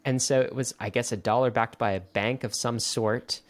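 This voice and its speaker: A man co-hosting a casual podcast chat, joking and animated, talking in quick bursts with frequent restarts. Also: mid-range voice, no room sound. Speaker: podcast co-host.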